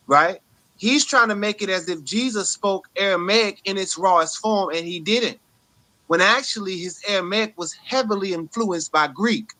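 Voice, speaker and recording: A man's voice: a little high, bright, forceful tone, rough recording. A man arguing insistently in a heated online debate, often checking with "right?", speaking into a phone on an audio chat app. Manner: insistent, repeatedly asks "right?". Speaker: Christian debater. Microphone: phone mic on audio chat app.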